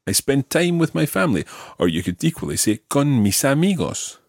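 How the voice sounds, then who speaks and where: His mid-range voice is a little mellow and very animated as he patiently drills a learner in Spanish. He pronounces verb forms and stress slowly for repetition, recorded cleanly in a studio with no echo.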